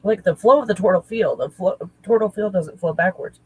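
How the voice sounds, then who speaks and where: A woman talking casually as a spiritual teacher, halting and searching, correcting herself often. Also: mid-range voice, husky, poor audio. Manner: halting, searching, self-correcting with nervous laughs. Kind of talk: casual channeling talk.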